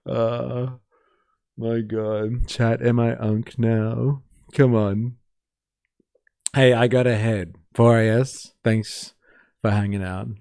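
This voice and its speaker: A man's voice: mid-range voice, fairly even intonation, slow, vocal fry, long pauses, a little mellow, smooth, dry recording, clean studio sound. A man with a Western Sydney accent hosting a live stream, chatting casually with a sarcastic, teasing edge and frequent swearing. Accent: Western Sydney Australian. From Australia. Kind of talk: casual reaction stream chat.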